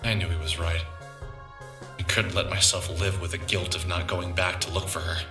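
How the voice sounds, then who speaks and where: A weary, brooding college graduate in a game, bright and edgy in tone yet tired, reluctant and full of guilt. His voice sits low and comes from a distance in a roomy space, with music playing underneath. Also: flat delivery, moderate pace. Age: young adult. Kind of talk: game dialogue and inner narration.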